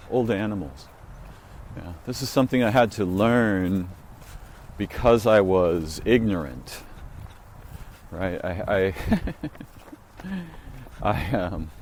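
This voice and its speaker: A man telling a reflective, meandering story on a walk-and-talk vlog, halting and restarting as he muses. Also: fairly low pitch, a little mellow, a little hiss or hum. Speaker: vlogger. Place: outdoors, walking.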